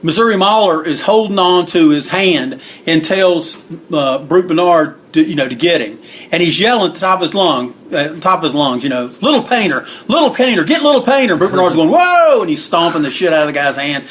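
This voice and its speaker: A man's voice: fairly quick, fairly bright tone. A man being interviewed about the wrestling book he wrote, telling long casual stories and acting out quotes in a raised voice. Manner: rambling, acts out quotes with raised pitch. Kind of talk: casual storytelling.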